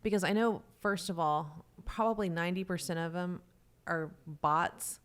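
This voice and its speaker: A woman's voice: on the low side, normal speed, clean tone. A woman comedian, a guest on a podcast, chatting candidly with self-deprecating humor. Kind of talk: casual chat. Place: podcast studio.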